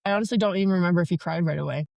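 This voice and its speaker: A woman's voice: fairly low pitch, rapid-fire, gravelly, a little mellow, no room sound. A young woman telling her story as a podcast guest in casual chat, full of "like" fillers. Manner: chatty, many "like" fillers.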